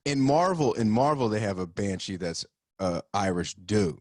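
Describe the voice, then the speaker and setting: A man on a podcast who talks in animated, joking rants, his pitch swinging widely from line to line. The recording is dry and close, with no room sound behind his voice. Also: moderate pace, no room sound. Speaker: podcast host. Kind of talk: casual podcast chat.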